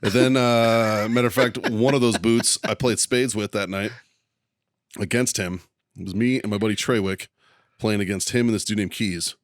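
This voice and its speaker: A man's voice: fairly low pitch, steady tone, normal speed, no echo. Profane storytelling man, dry close mic. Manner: swears freely, lots of fillers, laughs mid-story. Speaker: podcast co-host.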